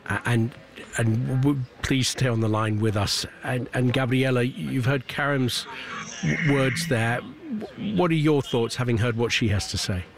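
A man hosting a radio interview, speaking gently and stammering slightly as he asks questions. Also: medium pitch, measured pace, creaky. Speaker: interview host.

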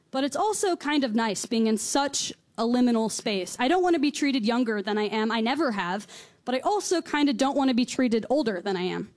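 A teenage girl telling a wry, conversational first-person story on stage, dropping low and soft at reflective moments. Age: teens.

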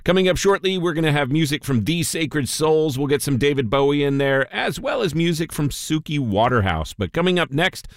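A man with a nasal voice hosting a radio music show, chatting lively between songs. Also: a little high, normal speed, few pauses, dry recording, clean studio sound. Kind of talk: radio DJ patter. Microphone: studio microphone.

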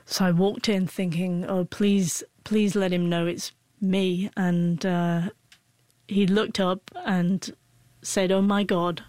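A woman's voice: lowish voice, level tone, takes it slowly, dark tone, dry recording. Woman in her forties who stutters. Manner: stutters, with frequent broken-off sounds and restarts. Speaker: interview guest. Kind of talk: emotional personal storytelling.

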